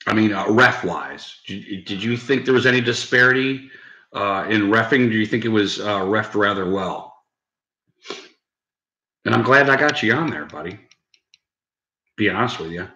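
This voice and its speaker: A man's voice: on the low side, normal speed, pauses often, bright, forceful tone. A man live-streaming in a casual chat with his viewers, joking and laughing often. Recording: roomy, dull lo-fi sound.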